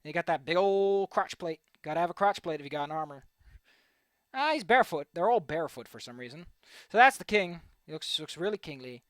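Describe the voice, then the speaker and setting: A man's voice: a little high, lively intonation, a little fast, fairly bright tone, dry recording. A young man rambling goofily as he draws on a stream, repeating words playfully and joking to himself. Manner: goofy, rambling, playful repetition. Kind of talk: casual commentary while drawing.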